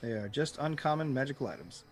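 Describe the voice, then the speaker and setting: A man at a middling pitch runs the table as game master, talking loosely with plenty of "um"s and easy laughs. Soft music plays faintly underneath his voice. His delivery is casual, unhurried banter between rules calls. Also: animated. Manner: loose, laughing, lots of fillers. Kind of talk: running a tabletop game over chat.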